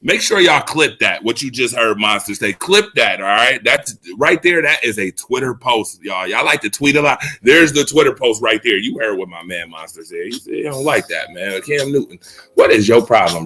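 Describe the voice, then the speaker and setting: A man co-hosting a casual sports talk radio show. He talks loosely to listeners and his on-air partner. His delivery is animated, and he keeps jumping into high, excited exclamations.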